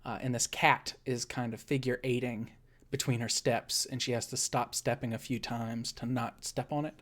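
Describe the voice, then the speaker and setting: A woman running a tabletop game as dungeon master, setting scenes in slow descriptive narration. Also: extremely low pitch, fairly even intonation.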